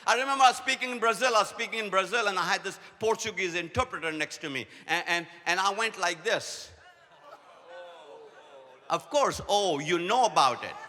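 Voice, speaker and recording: A man, giving a humorous preaching keynote at a conference as a playful storyteller who rattles off quick repetitions. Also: high-pitched, bright, forceful tone. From India. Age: 60s. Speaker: conference speaker. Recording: long hall reverb, faint noise.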